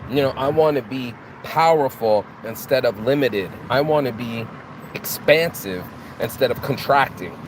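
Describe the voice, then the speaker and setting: A man delivers a loose motivational monologue at a middle pitch, full of rhetorical questions and restarts. His voice is recorded outdoors, with clear traffic noise behind him. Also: normal speed. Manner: preachy, rhetorical questions, repeats and restarts words. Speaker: motivational vlogger.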